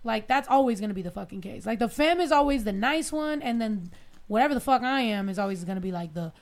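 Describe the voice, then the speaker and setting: A woman guest tells a story on a podcast in a high voice, the words tumbling out fast. She swears freely and acts out each person in the tale. It is loose, casual chat. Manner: animated, profane, acts out the people in her stories.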